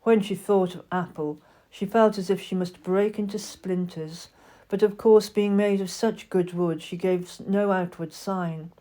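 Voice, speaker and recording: A woman reading a children's story aloud in a gentle, expressive narration. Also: medium pitch, a little slow. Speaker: audiobook reader.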